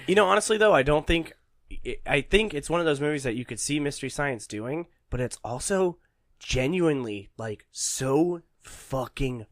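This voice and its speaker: A laid-back man in casual movie-podcast chat, his voice bright and close with a dry, dead sound. He talks loosely, with a lot of filler and plenty of swearing. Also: on the high side, lively intonation, moderate pace, no echo. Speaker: podcast co-host.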